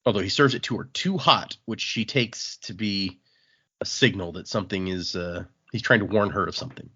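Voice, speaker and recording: Podcast co-host, male, husky, animated recap delivery, lo-fi sound. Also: deep voice, a little fast. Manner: animated storytelling, acting out characters' lines. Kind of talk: casual chat. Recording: dull lo-fi podcast audio.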